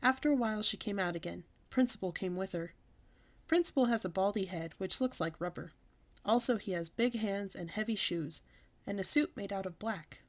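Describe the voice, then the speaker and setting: Woman storyteller, expressive read-aloud of a children's book. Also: mid-range voice, normal speed. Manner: lively, expressive storybook reading.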